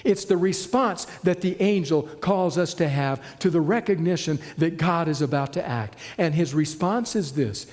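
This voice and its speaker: A man's voice: on the high side, normal speed. Preacher man in a reverberant hall. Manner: dramatic shifts between loud and hushed delivery. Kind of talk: sermon.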